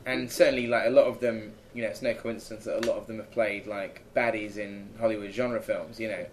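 A man's voice: lowish voice, fairly even intonation, brisk, slight background noise. A man talking as a filmmaker guest in a casual podcast chat, rambling with lots of fillers and plenty of enthusiasm.

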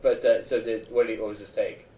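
A man's voice: fairly low pitch, little pitch movement, fast, warm tone. A man hosting a podcast, asking loose, searching questions in a casual interview. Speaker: podcast host. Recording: echoey and distant from the mic.

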